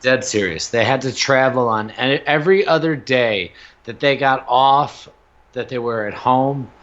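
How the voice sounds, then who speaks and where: A man's voice: medium pitch, unhurried, a bit bright, highs cut off. Laid-back man in his thirties. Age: 30s. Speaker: podcast co-host. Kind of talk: casual sports chat.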